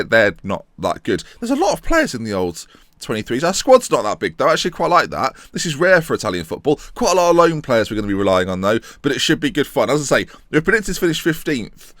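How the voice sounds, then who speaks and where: A man's voice: medium pitch, a bit bright, dry recording, studio quality. A man giving casual, jokey commentary on a video game, reading the game's text aloud and muttering asides. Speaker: gaming YouTuber. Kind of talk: casual let's-play commentary.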